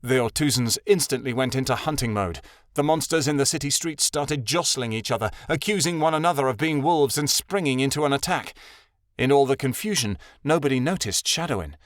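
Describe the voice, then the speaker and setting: A man narrating a young adult fantasy audiobook in an even, measured reading. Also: mid-range voice, no echo, clean studio sound. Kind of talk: scripted narration.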